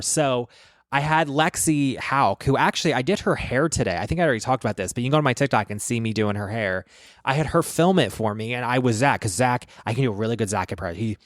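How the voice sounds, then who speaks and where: A man's voice: medium pitch, fast, no echo. Male vlog host, chatty and profane, rambling gossip, dry close sound. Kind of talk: casual reaction chat.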